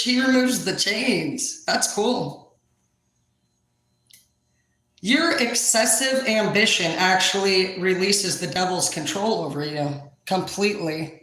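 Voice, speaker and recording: Foul-mouthed young woman, bright and echoey. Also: mid-range voice. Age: young adult. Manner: profane, blunt, rambling. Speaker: tarot reader. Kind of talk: casual vlog reading. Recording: echoey room.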